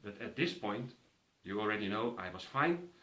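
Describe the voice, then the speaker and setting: A man's voice: fairly low pitch, animated, normal speed, pushed and bright. A man vividly telling a personal story to an audience, acting out the voices of others. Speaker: speaker. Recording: roomy echo.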